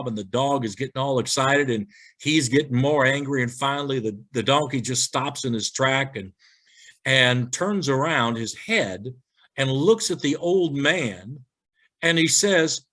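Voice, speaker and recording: A man's voice: medium pitch, unhurried, a bit bright. A male pastor telling funny stories and reading church signs in a light-hearted sermon, acting out the characters as he goes.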